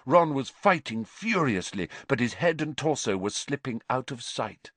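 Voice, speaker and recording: A man reading a story aloud in scripted narration, dramatic and expressive. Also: medium pitch, normal speed, no echo. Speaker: audiobook narrator.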